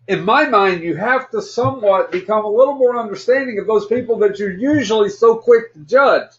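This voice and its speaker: Male host, high voice, earnest and folksy, dull lo-fi recording. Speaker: podcast host. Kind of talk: reflective recovery talk.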